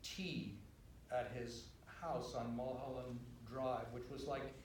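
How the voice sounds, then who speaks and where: An older man, a writer-director on a film panel, recounting production stories in a measured, dry way at a screening Q&A. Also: medium pitch, fairly even intonation, slight background noise. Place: cinema auditorium. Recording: roomy, distant from the mic.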